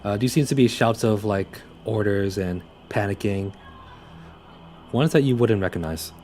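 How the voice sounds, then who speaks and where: A man's voice: fairly low pitch, measured pace, a little mellow, soft background music. A young man running a tabletop game as game master, narrating loosely with many fillers and restarts.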